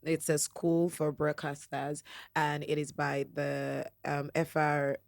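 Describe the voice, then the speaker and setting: A woman with a Nigerian accent, a radio host talking as a podcast guest in an animated way. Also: deep voice, takes it slowly, vocal fry. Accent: Nigerian English. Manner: animated, acts out radio announcer voices. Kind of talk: casual podcast chat.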